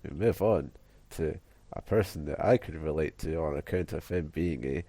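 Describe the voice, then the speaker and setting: A man's voice: rumbling low, moderate pace, creaky, mellow, no echo. A Scottish man co-hosting a podcast in casual chat, rambling and hesitant, full of "like" and "you know". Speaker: podcast co-host.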